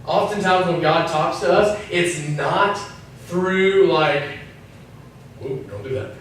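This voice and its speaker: A man gives a relaxed, joking sermon to young people, slipping into small acted-out voices. His voice sits a little high. The mic is set back from him in a very echoey hall, with a faint hiss underneath. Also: slow. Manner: chatty, acts out voices, jokes. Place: church hall. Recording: echoey room, mic at a distance, faint noise.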